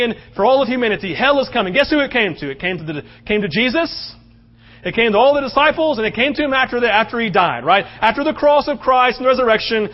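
A man preaching a sermon as pastor, passionate and swinging between loud outbursts and hushed stretches. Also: very high voice, muffled recording.

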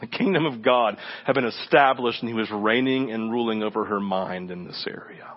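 A male pastor giving a sermon as a conversational, animated story, with asides to the congregation. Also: lowish voice, a little fast. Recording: dull lo-fi sermon recording.

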